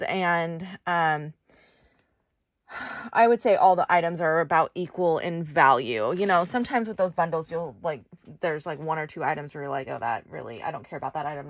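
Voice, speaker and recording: A woman's voice: lowish voice, expressive, moderate pace, fairly bright tone. A middle-aged woman chatting casually to viewers while walking around her storage area, hunting through shelves and bins. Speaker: reseller vlogger. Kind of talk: casual work-with-me vlog narration.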